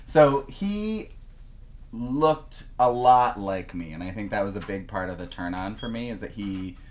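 A man co-hosting a podcast, telling a story in casual chat, animated and laughing a lot as he talks. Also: lowish voice, a little slow. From Canada. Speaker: podcast co-host.

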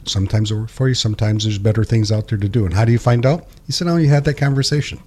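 A man working as a financial advisor, explaining money matters in a plain-spoken, steady conversational way on a talk show. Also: on the low side, rapid-fire.

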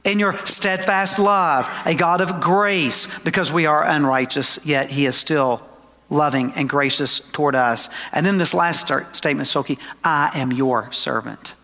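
Male pastor, slightly high and bright, emphatic sermon delivery with casual asides; church hall with a long echo. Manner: emphatic preaching, slows for quoted scripture; conversational asides to the congregation. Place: church sanctuary.

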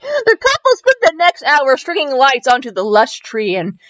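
A woman's voice: high voice, wildly swooping pitch, unhurried, a bit bright, no room sound, shouting, highs cut off. A woman podcast host reading fanfiction aloud with giggly, rambling, self-mocking comedic asides. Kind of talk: comedic commentary and story reading.

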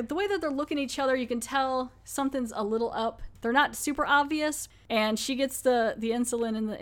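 A woman hosting a podcast, chatting casually and full of fillers as she recaps and reviews a TV episode. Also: fairly high pitch. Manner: chatty, filler-heavy, acts out quotes.

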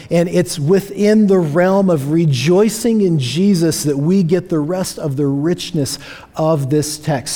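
Earnest preaching man, mellow voice. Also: high voice. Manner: earnest, emphatic, repeats key phrases. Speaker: pastor. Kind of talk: sermon. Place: church sanctuary.

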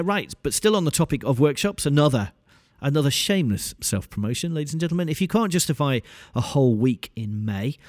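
A middle-aged man talks casually into a close podcast mic, and the sound is completely dry. His voice sits at an everyday middle pitch, friendly and self-mocking, and he keeps chuckling at his own slips. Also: darkish tone, dry recording. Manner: chatty, self-deprecating, laughs at himself. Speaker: podcast host.

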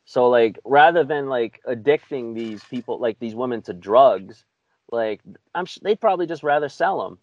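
A man's voice: mid-range voice, lively intonation, normal speed, a little mellow, dry recording, muffled recording. A man hosting a podcast, chatting casually about a film in an easygoing, rambling way. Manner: easygoing, rambling, with lots of fillers. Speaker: podcast host. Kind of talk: casual film-review chat.

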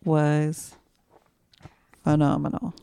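Chatty woman with a gravelly low voice. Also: monotone, very slow, mellow. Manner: chatty storyteller, giggly. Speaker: podcast co-host. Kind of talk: casual podcast chat.

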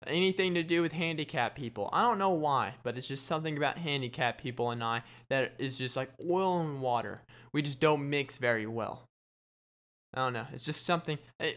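A man's voice: medium pitch, a bit bright, clean tone. A young adult man hosting a solo comedy podcast, rambling and boasting with jokey gross-out banter. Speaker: podcast host.

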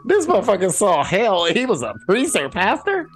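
A man's voice: sits high, wildly swooping pitch, moderate pace, over music. A man in a casual podcast chat, laughing often and cussing emphatically.

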